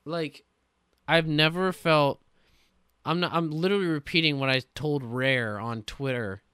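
A man ranting excitedly on a casual gaming podcast, swearing often. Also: on the high side, measured pace, smooth, dry recording, clean studio sound. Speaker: podcast co-host.

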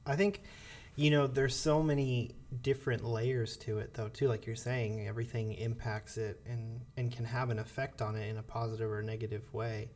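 Man, host, casual chat, gentle, hesitant. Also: medium pitch, little pitch movement, moderate pace. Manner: gentle, hesitant, lots of "you know".

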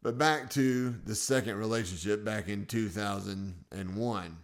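A man's voice: lowish voice, a little slow. A man in his forties hosting his own podcast, telling personal stories in a casual, self-joking way from a studio. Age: 40s. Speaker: podcast host.

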